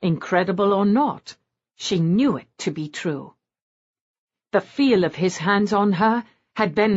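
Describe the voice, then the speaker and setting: Woman, audiobook narrator, scripted reading, lively intonation, muffled lo-fi recording. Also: on the low side. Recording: dull lo-fi audio.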